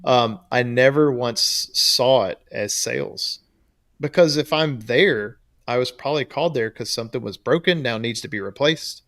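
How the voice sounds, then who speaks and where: A man with an ordinary mid-range voice co-hosts a relaxed podcast. He rambles easily, restarts his sentences and often breaks into laughter. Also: medium pitch, normal speed. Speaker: podcast co-host. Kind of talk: casual chat.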